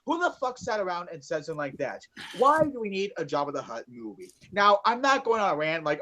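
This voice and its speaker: A man's voice: high voice, big pitch swings, quick pace, hardly any pauses, a bit bright. A man co-hosting a casual podcast about movies, rambling with many fillers and swearing. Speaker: podcast co-host.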